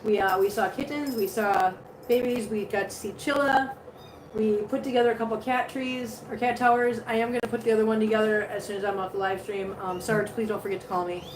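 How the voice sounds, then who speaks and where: A woman's voice: on the high side, fairly even intonation, fairly quick. A woman hosting a casual live stream from her home, chatting to viewers about her cats and laughing often. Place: home living room. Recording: roomy home sound with faint background hiss.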